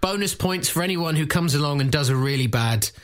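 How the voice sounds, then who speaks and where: A man's voice: fairly high pitch, lively intonation. A man co-hosting a comedy podcast, teasing his partner and plugging a gig in casual banter. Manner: playful, teasing, quick plugs.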